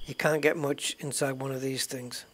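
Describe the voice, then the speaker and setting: A man hosting a let's play, quietly thinking aloud as he checks documents in a game. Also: medium pitch, fairly even intonation, moderate pace, background noise. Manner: quiet, muttering thoughts aloud. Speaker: gaming channel host.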